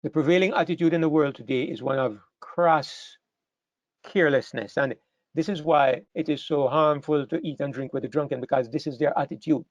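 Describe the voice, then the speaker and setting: A man's voice: a little high, fairly quick, no echo, dull audio. A man preaching a sermon to a congregation, earnest and emphatic, repeating phrases as he builds to stressed points. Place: church hall with a live congregation.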